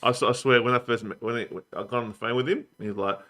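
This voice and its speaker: An Australian man co-hosting a podcast, telling rambling, animated stories in casual chat. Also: medium pitch, rapid-fire. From Adelaide, Australia. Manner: rambling, animated storytelling with mimicry. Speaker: podcast co-host.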